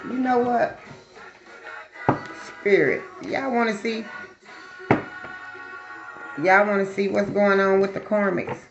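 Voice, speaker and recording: A woman's voice: mid-range voice, steady tone, takes it slowly, creaky, long pauses, muffled recording, music in the background. A woman who talks bluntly and swears freely, chatting casually to her viewers before she does a psychic reading. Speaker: psychic reader.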